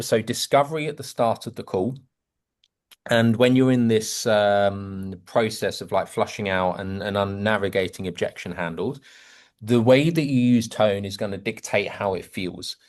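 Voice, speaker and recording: A man coaching a group on a video call about sales, acting out customer dialogue in changing voices. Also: lowish voice. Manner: lively, acts out sales dialogue in varied voices.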